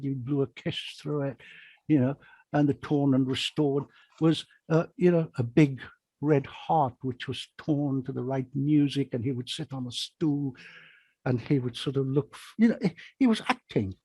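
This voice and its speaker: A man's voice: medium pitch, moderate pace, warm tone, slightly rough, no room sound. A man, a magician, telling a rambling show-business story in a panel chat over a video call, often correcting himself.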